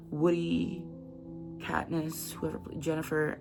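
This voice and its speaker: A woman's voice: deep voice, lively intonation, moderate pace, creaky, over music. A woman reading passages of a novel aloud to camera, stumbling over words now and then, and chatting about the book with effusive feeling. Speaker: book reviewer.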